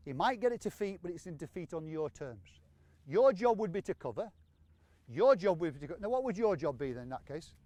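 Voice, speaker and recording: A man running an on-pitch football coaching session outdoors, calling out brisk, encouraging commands to his players. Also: darkish tone, no echo.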